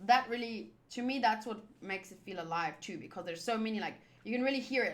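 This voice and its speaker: A woman's voice: a little high, brisk, hardly any pauses. A woman chatting casually and rambling as she comments on a comic readthrough. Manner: rambling, chatty, many fillers. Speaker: YouTuber reading a comic aloud.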